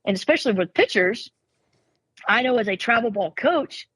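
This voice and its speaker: Woman, former softball coach, podcast guest; raspy edge, dry close sound, chatty and animated with frequent restarts. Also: on the high side, dry recording, rough recording. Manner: animated storyteller who acts out quoted coaches and parents; quick restarts and repeated words. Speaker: former college and travel ball softball coach. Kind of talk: casual podcast conversation.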